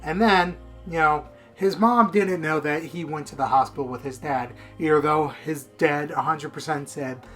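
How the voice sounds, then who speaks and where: A man's voice: fairly high pitch, normal speed, fairly bright tone, soft background music. A young man giving a casual, rambling video review of a manga, swearing constantly and getting worked up as he retells the story.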